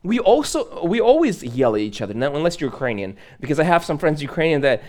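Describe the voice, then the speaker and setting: A man's voice: on the high side, very animated, fast. A man preaching a live sermon in church, from Moldova, chatty and conversational, laughing and adding asides. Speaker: pastor.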